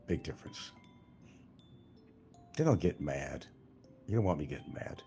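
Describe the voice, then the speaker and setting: An older retired man runs a livestream with soft music in the background, his very deep voice lively in intonation yet a little slow and mellow, with frequent pauses. He meanders between topics in casual fashion, swearing freely.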